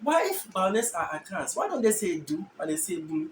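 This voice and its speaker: A host from Ghana giving an explanatory language lesson, thinking aloud and slowly repeating each word. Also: medium pitch, very animated. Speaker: channel host teaching languages. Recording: echoey room with faint background noise.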